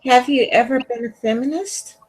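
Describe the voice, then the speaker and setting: A woman interviewing a guest, speaking haltingly with many ums. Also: high voice, husky, poor audio. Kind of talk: casual interview questions.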